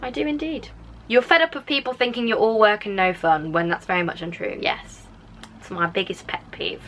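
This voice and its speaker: A woman's voice: mid-range voice, brisk, fairly bright tone, low-quality recording. A young woman in her late teens with a Black Country accent, chatting casually on her vlog as she reads out and answers viewer comments, rambling with lots of fillers. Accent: Black Country English. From Black Country, England. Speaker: vlogger.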